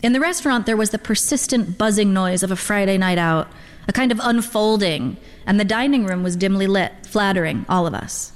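A woman reading a literary first-person story aloud in a measured, wry storytelling manner. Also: mid-range voice. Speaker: narrator. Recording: long hall reverb.

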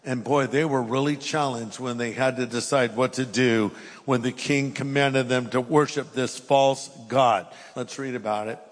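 A man's voice: medium pitch, fairly even intonation, moderate pace, big-room sound. A middle-aged man preaching a sermon, reading scripture aloud and then pressing his points with emphasis. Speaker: pastor.

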